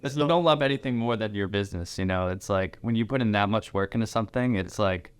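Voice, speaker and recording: A low, smooth-voiced man who rambles. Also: fast. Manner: rambling, heavy use of "like". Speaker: podcast co-host. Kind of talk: casual podcast conversation.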